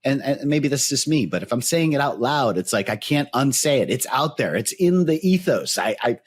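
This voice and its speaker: A man's voice: medium pitch, expressive, moderate pace, breathy edge. A man co-hosting a casual podcast, talking in an earnest, reflective way. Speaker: podcast co-host.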